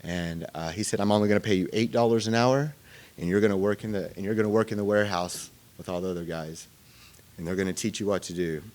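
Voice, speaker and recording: Speaking in a deep, slightly mellow voice, a man shares his recovery story in a meeting room. The telling is casual and conversational, filled with pauses and filler words.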